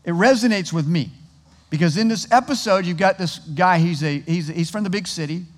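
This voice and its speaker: Conversational preacher in a reverberant hall. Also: male voice, high-pitched, a little fast. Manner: conversational, animated storytelling with many restarts. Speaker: pastor. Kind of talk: sermon.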